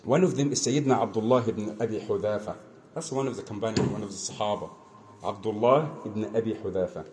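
A man preaching an earnest lesson, repeating phrases and swinging between soft asides and emphatic calls. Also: on the low side, fast talker, slight background noise. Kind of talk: mosque lesson, storytelling sermon.

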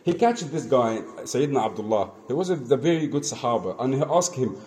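A man preaching in English, telling a religious story in a conversational, halting way, acting out the dialogue. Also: medium pitch, expressive, warm tone. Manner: conversational, halting, many restarts, acts out dialogue. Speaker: Islamic preacher. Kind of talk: storytelling sermon.

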